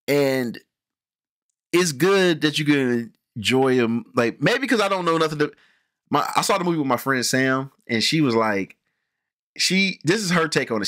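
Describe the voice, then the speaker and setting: Rambling man chatting about a movie. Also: on the high side. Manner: rambling, frequent restarts and fillers, animated when excited. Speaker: podcast host reviewing a movie. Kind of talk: casual movie review chat.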